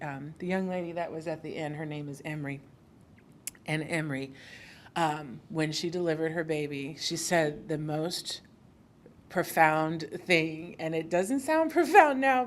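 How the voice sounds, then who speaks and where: Woman birth worker at a podium, low-pitched, lively storyteller, faint rumble behind. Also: moderate pace. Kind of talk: storytelling speech. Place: event hall.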